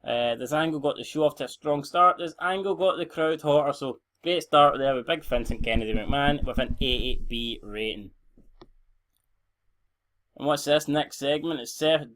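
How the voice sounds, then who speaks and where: A man's voice: mid-range voice, moderate pace, a bit bright. A young Scottish man giving rambling, blunt, sweary commentary on a game he is playing. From Scotland. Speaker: gaming channel host.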